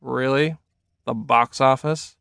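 A man's voice: medium pitch, fairly even intonation, slow, vocal fry, a bit bright, smooth, no room sound. A man voicing a seventeen-year-old boy who talks in a reluctant, mumbling way, close to his own voice.

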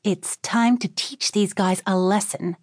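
A woman's voice: medium pitch, unhurried, dry recording, studio quality, close to an everyday voice. A woman voicing a feisty, scheming girl camper who speaks indignantly in a children's audiobook.

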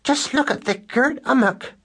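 Flustered little mouse mum, burr, husky squeaky voice, put on by a male narrator. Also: moderate pace, fairly bright tone, heavily acted. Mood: astonished. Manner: high, flustered, broad rustic speech. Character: excitable country mother mouse, female. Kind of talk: audiobook character voice.

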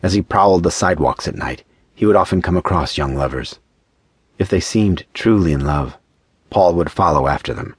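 A man narrating a short-story audiobook in a measured, even storytelling manner on a close studio mic. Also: low voice, breathy edge, no echo. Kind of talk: scripted narration.

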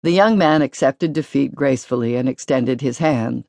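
A woman narrating a novel in a measured, expressive storytelling voice. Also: rumbling low, creaky, no room sound, studio quality. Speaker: audiobook narrator. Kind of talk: scripted narration.

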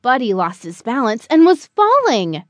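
A woman narrating a children's storybook in a slow, expressive, animated way. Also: on the high side, dry recording, studio quality. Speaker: audiobook narrator.

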